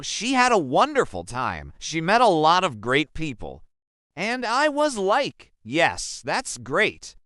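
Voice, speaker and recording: Recorded dry and close with no room sound, this young adult man from Africa tells his own story. His bright, high voice ranges broadly in pitch, and his slow, emphatic delivery stays smooth.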